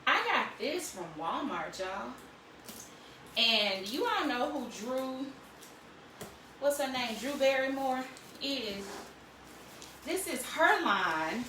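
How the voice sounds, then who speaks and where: Chatty woman, bright lively voice. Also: high-pitched, slow pace, pauses often, slight background noise. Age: older. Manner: chatty, animated, laughs often, talks straight to viewers. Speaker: cooking vlog host. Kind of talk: casual unboxing chat to viewers.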